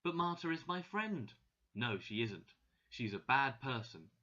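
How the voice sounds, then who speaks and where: A man voicing a kind, thoughtful French man with a French accent, speaking slowly and clearly, in a dull lo-fi recording. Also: medium pitch, big pitch swings, bright, forceful tone. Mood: calm.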